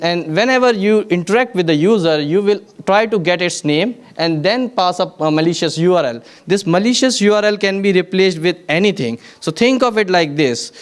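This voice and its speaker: Man, conference speaker, technical talk, clear resonant voice, slightly high, halting restarts. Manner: frequent restarts and repeated words, explaining step by step. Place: conference venue.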